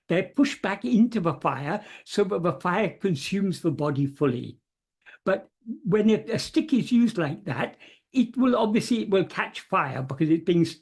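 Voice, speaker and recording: A man talks through a spiritual text on a video call, his voice slightly raised in pitch and husky. He explains with care, hesitating, restarting and filling pauses with "um" and "uh". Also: darkish tone. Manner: careful, hesitant explaining with many fillers and restarts. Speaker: teacher of spiritual texts. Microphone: computer mic on a video call.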